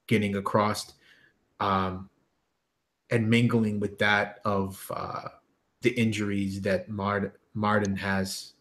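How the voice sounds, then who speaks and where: A man with a fairly low voice narrates as game master of a tabletop game. He talks haltingly, with frequent ums and restarted phrases. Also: flat delivery, a bit bright.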